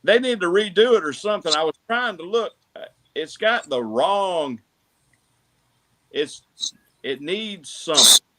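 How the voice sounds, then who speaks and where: A man's voice: high-pitched, animated, measured pace, long pauses, sharp tone. A man co-hosting a casual sports talk show, rambling and hesitant with lots of filler words. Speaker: co-host.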